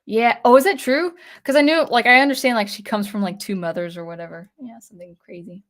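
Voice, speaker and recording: A woman's voice: on the high side, fairly quick. A young adult woman hosting a casual livestream, reading chat comments aloud in a chatty, hesitant way with many fillers and restarts. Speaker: livestream host.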